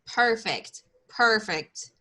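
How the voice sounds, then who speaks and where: A woman's voice: mid-range voice, expressive, drawn-out words, sharp tone. A woman in her twenties from Texas hosting a podcast, chatting casually and laughing often at herself. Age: 20s. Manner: bubbly, laughs often, self-deprecating. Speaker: podcast host. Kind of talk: casual interview chat.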